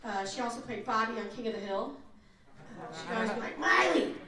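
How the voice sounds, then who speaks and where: A woman's voice: fairly high pitch, steady tone, fast. A woman voice actress speaking on a convention panel, brash and joking as she teases the crowd. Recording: echoey hall, distant mic, crowd.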